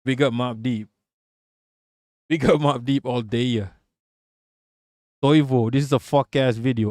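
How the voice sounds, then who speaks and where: A man's voice: mid-range voice, fairly even intonation, a little slow, pauses often, a little mellow, no room sound, studio quality. Profane, rambling male streamer. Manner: profane, rambling, laughs often. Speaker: streamer host. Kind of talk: casual livestream commentary.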